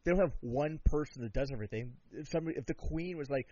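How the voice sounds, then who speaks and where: A man co-hosting a comedy show, ranting sarcastically and profanely, swinging from loud outbursts to mutters. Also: mid-range voice, quick pace, few pauses, dry recording. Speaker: co-host. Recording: dull lo-fi recording.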